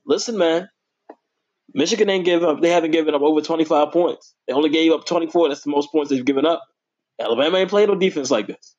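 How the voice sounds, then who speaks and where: A young man hosting a casual sports podcast, informal and playful, his voice jumping high when he gets excited. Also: fast talker, slightly rough. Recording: dull lo-fi recording.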